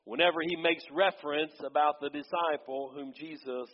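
A man's voice: fairly high pitch, steady tone, moderate pace, in a large hall, muffled recording. A man preaching a sermon as pastor, reading scripture dramatically and breaking off for asides to the congregation.

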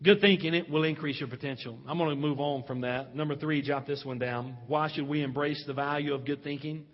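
A man's voice: a little high, steady tone, fairly quick, big-room sound, lo-fi sound. A male pastor preaching a sermon, stressing points and putting questions to his congregation.

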